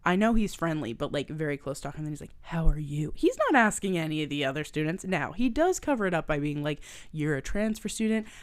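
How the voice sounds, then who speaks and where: A young woman co-hosting a podcast talks fast with few pauses in a low-sitting voice. Chatting casually about a movie, she swears a lot, gets animated, and acts out what the characters say.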